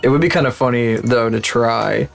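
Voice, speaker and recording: A man chatting casually on a livestream while he works, ranting and swearing often in an animated way. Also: medium pitch, moderate pace, vocal fry, soft background music. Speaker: streamer.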